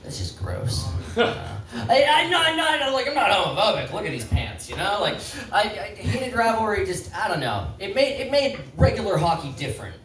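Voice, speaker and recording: A man doing a stand-up set in a pub, rambling and halting in a self-deprecating way. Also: high-pitched, huge pitch swings. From Canada. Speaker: stand-up comedian. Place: pub comedy stage. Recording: roomy pub, distant mic, crowd laughter. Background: audience laughter.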